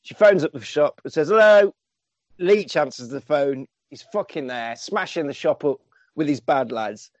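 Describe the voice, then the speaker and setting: A podcast co-host with a medium-pitched voice talks at normal speed, breezily retelling a film's plot. He brings the quotes to life, cursing freely as he goes. The recording is dry, with no room sound.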